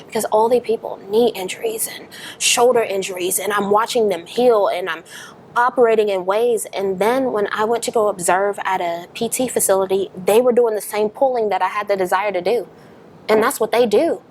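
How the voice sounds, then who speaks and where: A young woman, a podcast guest, telling her story in a casual interview, animated and emphatic, laughing often. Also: mid-range voice, normal speed, slight background noise.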